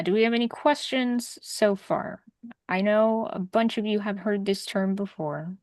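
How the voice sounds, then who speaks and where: Woman moderator, relaxed and friendly, dry close-up sound. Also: mid-range voice, no echo. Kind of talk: casual discussion moderating.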